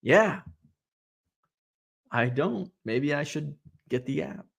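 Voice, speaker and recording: A man's voice: on the high side, slow pace, gravelly, breathy edge. Chatty man reading viewer comments. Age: middle-aged. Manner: chatty, animated, reads comments aloud and reacts. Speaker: host. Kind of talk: casual live-stream chat reading viewer comments.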